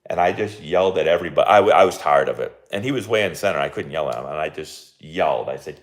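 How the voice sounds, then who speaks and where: A man's voice: lowish voice, big pitch swings, fast, vocal fry, hardly any pauses. A young man, a baseball coach hosting a casual live watch-along and chatting with lots of fillers and laughs.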